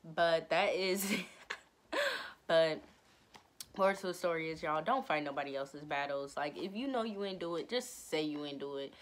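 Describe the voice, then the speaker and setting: A woman's voice: low voice, moderate pace. Slangy young woman telling a storytime. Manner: casual, slangy, animated storytelling. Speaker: vlogger. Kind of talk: storytime vlog.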